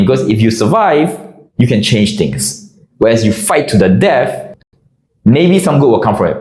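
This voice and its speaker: A man from Singapore telling a personal story about army life in an expressive, conversational way. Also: on the low side. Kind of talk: personal anecdote narration. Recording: echoey room.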